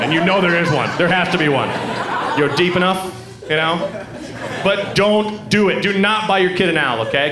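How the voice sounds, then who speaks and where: A man performing a stand-up comedy set on stage, animated and putting on silly voices. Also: high-pitched. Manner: animated, puts on silly voices, crowd laughing. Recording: roomy live club recording with crowd. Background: audience laughter.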